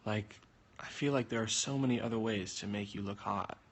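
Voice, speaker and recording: Chatting casually on a phone livestream, a young man answers viewer comments with jokes and sudden jumps in pitch. He talks fairly quickly.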